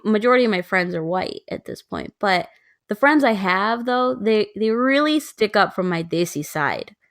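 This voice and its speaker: A woman in her twenties, a podcast co-host, telling stories in casual chat, animated and laughing often. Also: on the low side, dry recording, studio quality.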